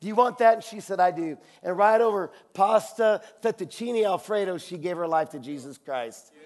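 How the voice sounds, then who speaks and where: A man preaching a sermon, telling a personal anecdote with acted-out voices, laughing often and dropping to a quiet, intimate tone for serious moments. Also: normal speed. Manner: drops to a quiet, low, intimate tone for serious parts. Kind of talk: sermon storytelling.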